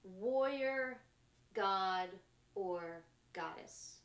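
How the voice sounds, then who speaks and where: Slow, musing woman in an echoey room. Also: medium pitch, expressive. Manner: slow, musing, trailing phrases with frequent laughs. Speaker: podcast host. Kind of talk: reflective spiritual monologue.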